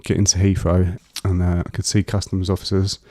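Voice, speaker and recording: Deep, flat-voiced man recounting his past. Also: no echo. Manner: halting, many fillers and restarts. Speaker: guest. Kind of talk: personal storytelling in an interview.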